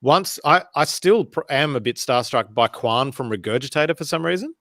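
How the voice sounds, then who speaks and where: A man hosting a casual chat, telling self-deprecating stories with animated energy. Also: medium pitch, normal speed, dry recording. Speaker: host.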